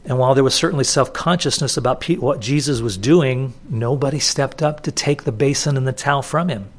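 A man's voice: medium pitch, a little fast. A man preaching an expository sermon in a conversational way, often restarting and repeating words for emphasis. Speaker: pastor.

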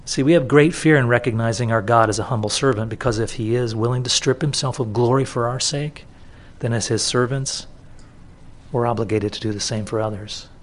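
A man's voice: medium pitch, brisk, a little hiss or hum. A man preaching an expository sermon in a conversational way, often restarting and repeating words for emphasis. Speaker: pastor.

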